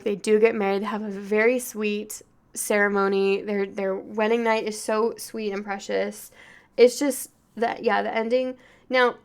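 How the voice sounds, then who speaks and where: A woman hosting a book podcast, reviewing a novel in a casual, gushing monologue full of filler words and restarts. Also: mid-range voice.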